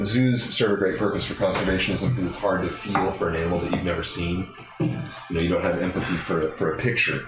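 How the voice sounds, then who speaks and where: A man chatting casually at a tabletop game, rambling and animated as he tells stories. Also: deep voice. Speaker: player. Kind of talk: casual table chat and play. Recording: echoey room with music behind.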